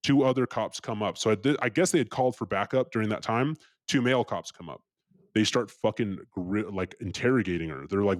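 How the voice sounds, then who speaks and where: Here a young Californian podcast guest tells a casual story in a lowish, fairly quick voice, recorded dry. Cursing freely, he stays animated throughout and mimics the people he's quoting.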